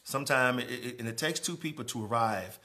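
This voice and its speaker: A man preaching a sermon as pastor in a church, moving from quiet, conversational speaking to raised, emphatic preaching. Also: mid-range voice, animated, a little fast. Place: church sanctuary.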